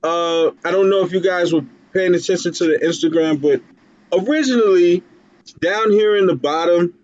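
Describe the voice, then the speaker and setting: A man's voice: sits high, normal speed, a little mellow. A man co-hosting a casual live stream, rambling with many fillers and restarts over a video call. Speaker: co-host. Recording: dull lo-fi video call audio.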